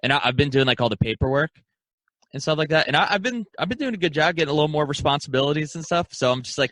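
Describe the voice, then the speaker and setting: Young male co-host, bright tone, dry close sound, easygoing and rambling. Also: on the high side, expressive, rapid-fire, no room sound. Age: young adult. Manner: rambling and laid-back, with lots of filler and laughs. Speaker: podcast co-host. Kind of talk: casual chat.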